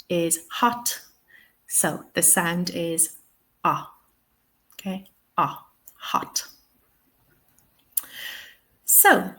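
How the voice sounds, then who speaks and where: A woman with an Irish accent hosting an online lesson, patiently explaining and modelling each vowel sound. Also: mid-range voice. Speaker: English teaching webinar host. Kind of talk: online lesson, live webinar.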